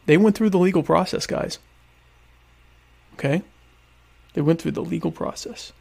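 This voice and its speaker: A man's voice: fairly high pitch, normal speed, gravelly, darkish tone. A man hosting his own livestream show, chatting casually and sarcastically with his viewers in rambling, self-mocking asides.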